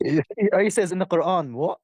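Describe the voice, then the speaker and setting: A man's voice: high-pitched, moderate pace, darkish tone. A young man calling in to a heated debate, repeating phrases and pushing back. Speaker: caller.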